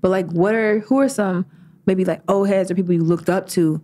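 A woman hosting a casual music interview, lively and teasing, quick to laugh. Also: mid-range voice. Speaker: host.

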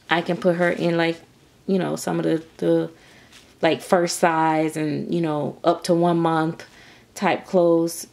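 A woman's voice: lowish voice, vocal fry, a little mellow. A woman, chatting casually in a vlog as a doll artist, gushing and exclaiming to her viewers. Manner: gushing, exclaims often, speaks to viewers as "y'all" and "baby".

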